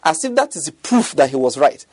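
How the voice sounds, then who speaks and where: A man's voice: on the high side, big pitch swings, fairly quick, a little mellow, husky, dry recording. A man preaching a sermon, emphatic and often checking whether his listeners follow. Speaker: pastor.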